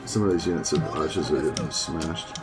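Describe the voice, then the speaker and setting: A man's voice: very deep voice, a little fast. A man chatting casually and thinking aloud with lots of ums while streaming a co-op strategy game. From Australia. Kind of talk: casual co-op gameplay commentary. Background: game music.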